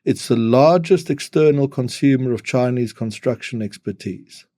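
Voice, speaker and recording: A man speaks as an interview guest, his voice mellow and dark. He talks in measured phrases, often restarting with repeated words. The recording is dry and close. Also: mid-range voice, no room sound. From South Africa. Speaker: guest analyst. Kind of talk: podcast interview.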